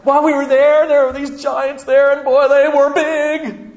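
A man voicing a panicky, whining crowd of frightened wanderers, shrill and melodramatic. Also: little pitch movement, a little slow, darkish tone. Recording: dull lo-fi recording.

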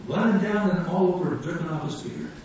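A man's voice: high-pitched, fairly quick, darkish tone. A man preaching a sermon, telling a story with animation and acting out the voices of the people in it. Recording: echoey hall, distant mic, dull sound, faint room hum.

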